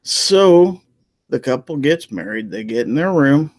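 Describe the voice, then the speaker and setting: A man's voice: mid-range voice, animated, unhurried, dry recording. A man telling jokes in casual chat, checking in with his listeners with a folksy "okay?" between lines.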